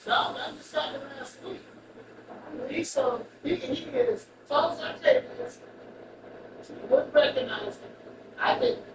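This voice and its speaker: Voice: high voice, lively intonation, measured pace, pauses often. A speaker in casual chat who rambles and repeats phrases. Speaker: person chatting. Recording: roomy, far from mic, loud traffic noise.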